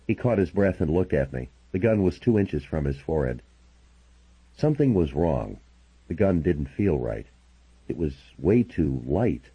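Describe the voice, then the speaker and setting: A man reading a first-person novel aloud as an audiobook narrator, with a husky voice and a dramatic storytelling delivery. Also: a bass voice, sing-song, a little slow, muffled recording, faint music behind.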